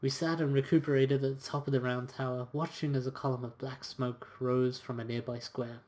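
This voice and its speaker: A man's voice: medium pitch, brisk. A man playing a story game, chatting casually and reading its narration aloud. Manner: relaxed, reading narration with occasional quoted voices. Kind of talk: casual let's-play commentary and reading aloud.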